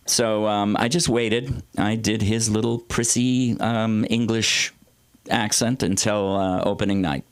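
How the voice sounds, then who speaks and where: A man's voice: normal speed, clear, resonant tone, no echo. A man in his sixties doing stand-up storytelling at an open mic, rambling and loose, with salty language and lots of filler words. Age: 60s. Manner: swings his pitch widely for comic effect. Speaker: comedy teacher performing at an open mic.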